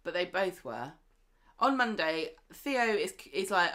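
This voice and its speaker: A woman's voice: lowish voice, measured pace. Chatty woman recapping soap drama. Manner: chatty, acts out characters' lines in animated bursts. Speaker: podcast co-host. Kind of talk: casual soap recap chat.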